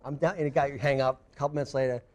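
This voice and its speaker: A middle-aged man, a guest fisherman on a studio talk show, telling stories in an animated way and laughing through them. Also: mid-range voice, racing. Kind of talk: animated storytelling. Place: TV studio with live audience.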